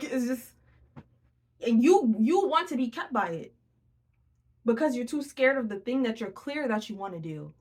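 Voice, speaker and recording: Young female tarot reader, raised pitch, casual and profane, tells stories with energy. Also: slightly rough. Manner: blunt, profane, animated storytelling.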